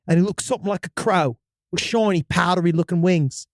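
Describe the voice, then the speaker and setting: A man's voice: high-pitched, fairly quick, no echo, studio quality. A man reading a listener's story aloud, voicing a man who tells of a childhood Mothman sighting in a put-on English accent, with dramatic outbursts. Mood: spooky storytelling.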